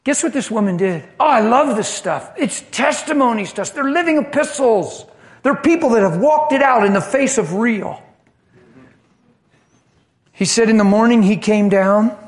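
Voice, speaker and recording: An impassioned man preaching a sermon, his voice high for a man. He swings between hushed moments and fired-up, loud stretches. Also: moderate pace. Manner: impassioned, animated preaching, rising and falling.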